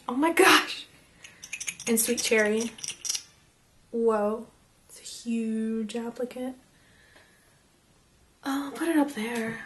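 A young woman casually reviewing makeup as she swatches it, chatty and excitable and half losing her voice. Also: fairly high pitch, slow pace, pauses often. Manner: chatty and excitable, drops to whispers. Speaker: beauty vlogger.

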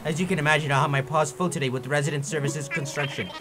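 A man's voice: on the high side, steady tone, fast talker, music in the background, voice pushed down, lightly acted. Tom Nook, read by a man as a chipper raccoon. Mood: announcing. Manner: reading announcement text aloud. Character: male raccoon shopkeeper making announcements.

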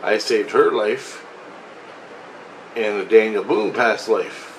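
Guy rambling thru a story for his vlog, swearing a lot, gets excitable, bit of faint hiss behind. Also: lowish voice, slow, low-quality recording. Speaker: vlogger. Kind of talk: casual storytelling.

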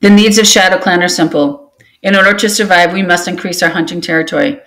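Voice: mid-range voice, fairly even intonation, fast, fairly bright tone, close to an everyday voice, poor audio. A reader voicing a menacing, domineering male cat clan leader in a storybook, speaking in a demanding growl.

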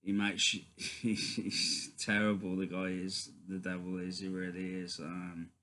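A man talking casually to his viewers in a faith vlog, halting, with many ums and restarts. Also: sits low, flat delivery, fairly bright tone. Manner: addresses viewers as guys. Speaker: vlogger.

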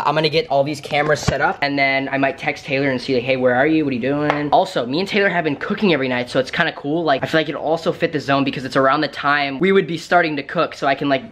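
A young man vlogging to a handheld camera, excited and rambling with lots of filler words, moving between a car, shops and a holiday room. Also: medium pitch, a little hiss or hum. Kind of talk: casual vlog to camera.

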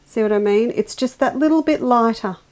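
An enthusiastic middle-aged woman talks through fabrics on a casual quilt shop show. She sounds chatty and excitable, often breaking off mid-thought before picking the sentence back up. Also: fairly high pitch, a little fast. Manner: chatty, enthusiastic, self-interrupting. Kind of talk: casual product show-and-tell.

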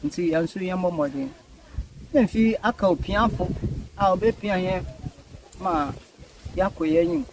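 A man from Ghana speaks with a Fante accent in a high voice, repeating words for emphasis. He is recorded outdoors in a rural village, with faint background noise. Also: unhurried, pauses often. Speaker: community member. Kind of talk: speaking to a local news camera.

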